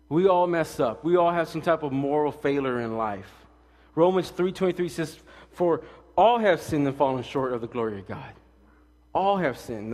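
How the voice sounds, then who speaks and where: Lively joking pastor in a reverberant church. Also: male voice, on the high side. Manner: animated, jokey, acts out quick voices. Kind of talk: lively casual sermon. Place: church sanctuary. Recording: church hall with long reverb.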